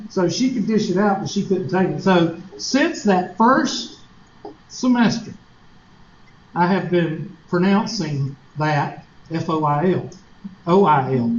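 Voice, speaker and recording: A man's voice: on the high side, a little mellow, slight background noise. A man with a Southern US accent, a teacher telling a folksy, joking story to his class. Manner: folksy, joking, mocks nasal voices. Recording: echoey lo-fi classroom recording.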